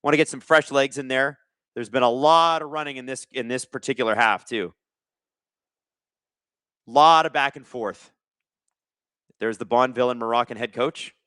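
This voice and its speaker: A young man hosting a live watch-along, reacting to the game with sarcastic, excitable commentary. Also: mid-range voice, moderate pace, pauses often, clear, resonant tone, dry recording, studio quality. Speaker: live stream host.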